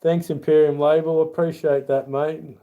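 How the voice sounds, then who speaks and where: A man's voice: on the high side, little pitch movement, normal speed, phone-quality sound. An Australian man hosting a casual livestream, rambling in a friendly way as he answers chat by name and calls people mate. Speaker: livestream host.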